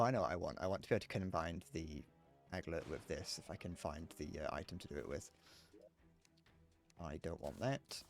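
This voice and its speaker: A young man with a southern English accent, chatting casually while streaming a game and answering chat, muttering low to himself between brighter, self-deprecating replies. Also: creaky. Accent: British, southern English. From England. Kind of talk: casual gameplay chat reading chat aloud. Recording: faint background noise and clicks.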